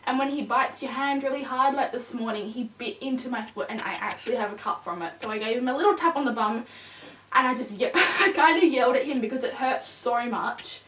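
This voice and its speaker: A woman with a slightly high, brisk voice and a fairly bright tone, with a faint hiss or hum behind it. She's a vlogger with a new puppy, chatting casually and rambling along with lots of fillers, sounding a little tired. The mic is distant and the room echoes.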